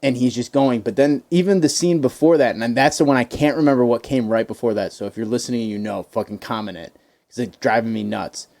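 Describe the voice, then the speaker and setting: A man in casual podcast chat, voice at an ordinary middle pitch. He rambles and swears freely, acting out bits of scenes as he goes. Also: fairly quick. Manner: rambling, profane, animated retelling of scenes. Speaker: podcast co-host.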